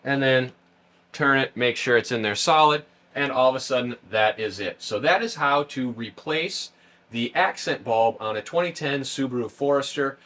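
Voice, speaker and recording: Next to a parked car outside, the male host of a how-to video channel plainly walks through a car repair one step at a time. He has a medium-pitched, sharp-toned voice and talks at normal speed in a casual way.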